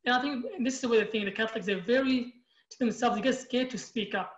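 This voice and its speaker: A man's voice: extremely high pitch, quick pace, a bit bright, reverberant, dull audio. A man born in Iraq, a youth group leader, talking as a guest in an emphatic, passionate way and often quoting himself. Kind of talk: casual interview storytelling.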